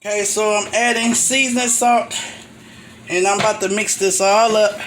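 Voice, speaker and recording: The host of this home cooking demo is an older woman who chats cozily as she works through each step. Her mid-range voice keeps fairly even intonation at a normal speed, with background noise from clanking pots and dishes.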